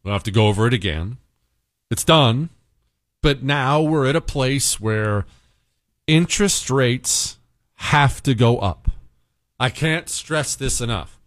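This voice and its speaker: A man's voice: medium pitch, animated, takes it slowly, long pauses, a bit bright, no echo, clean studio sound. A male host giving an urgent, exasperated political commentary monologue, hammering key phrases by repeating them.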